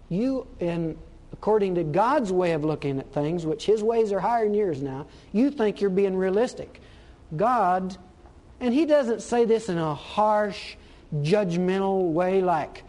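A man's voice: sits high, unhurried, a little mellow. A man preaching a sermon, emphatic, asking rhetorical questions and repeating phrases for stress.

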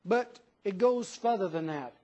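A man with a notably high-pitched voice preaches with earnest emphasis. He stresses his points and repeats them to drive them home. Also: expressive, unhurried, lo-fi sound. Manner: earnest, emphatic, reads a poem in a softer lower voice. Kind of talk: sermon.

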